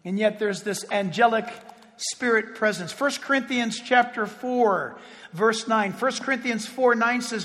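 A man pastor preaching a sermon, animated, swinging between loud exclaims and hushed asides. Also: high-pitched, moderate pace. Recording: reverberant hall.

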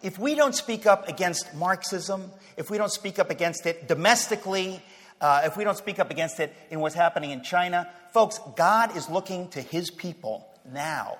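A man giving an impassioned sermon-style speech to a Christian audience, emphatic and fervent, swinging from low, quiet passages to loud declarations. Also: animated, normal speed. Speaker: speaker addressing a Christian audience. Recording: long hall reverb, faint crowd.

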